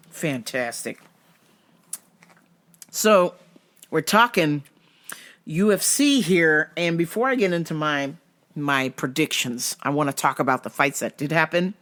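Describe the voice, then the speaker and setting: A podcast host ranting casually about fights, swearing a lot and getting heated and excitable. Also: takes it slowly, pauses often. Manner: wide, jumpy pitch swings when worked up. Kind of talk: casual solo rant podcast.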